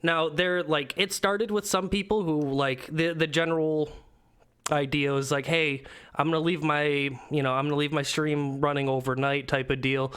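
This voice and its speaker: A man's voice: fairly high pitch, steady tone, moderate pace, fairly bright tone, clean tone. A man co-hosting a casual gaming podcast, rambling with lots of fillers and casual swearing. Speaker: podcast co-host.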